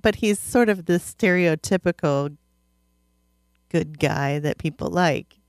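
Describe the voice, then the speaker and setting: A woman's voice: low voice, slow pace, no echo, clean studio sound. A woman chatting thoughtfully about a TV show as co-host, laughing easily. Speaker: podcast co-host. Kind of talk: casual chat about a TV show.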